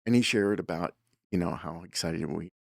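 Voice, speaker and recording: A man's voice: low voice, moderate pace, gravelly, no room sound, clean studio sound. A man hosting a show, telling a story in a casual, rambling way, with lots of fillers and self-corrections. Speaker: podcast host.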